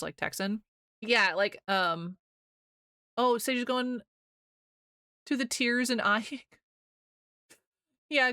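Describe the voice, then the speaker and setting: A woman's voice: medium pitch, fairly bright tone, no echo, studio quality. A young American woman streaming live, chatting casually with her viewers, rambling and laughing often as she reads chat aloud.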